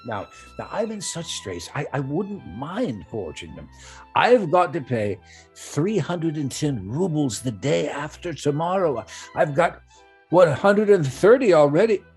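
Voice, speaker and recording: An actor gives us a fretful old landowner who stumbles over his words in a husky, worn voice. He drawls slowly, his tone swooping up and down, forever flustered about money on a theatre stage. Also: medium pitch, big pitch swings, a little mellow, faint music behind, heavily acted. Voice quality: husky, stammering. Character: flustered debt-ridden older male landowner. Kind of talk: stage play acting.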